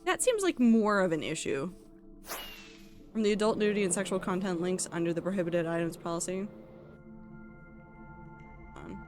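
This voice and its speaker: A woman's voice: lowish voice, animated, moderate pace, pauses often, soft background music. Chatty woman streamer. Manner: rambling, chatty, many filler likes. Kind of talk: casual live-stream chat while gaming.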